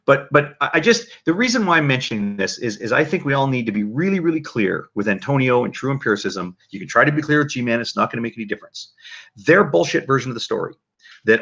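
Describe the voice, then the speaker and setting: A man hosts a casual livestream, talking in a rambling, animated way. His voice is gravelly with a bright, forceful edge, and it comes through a dull, lo-fi mic. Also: medium pitch, brisk. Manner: animated, rambling, many restarts. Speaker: livestream host.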